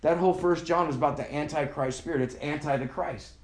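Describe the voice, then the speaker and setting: Male pastor, slightly higher voice, chatty sermon delivery with call-and-response, echoey room. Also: fairly quick. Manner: conversational preaching, has the congregation repeat words.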